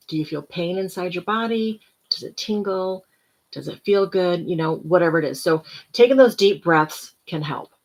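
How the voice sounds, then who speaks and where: A tired woman giving casual self-help talk, rambling and relaxed, now and then dropping to soft whispered breathing cues. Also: fairly low pitch, rough recording.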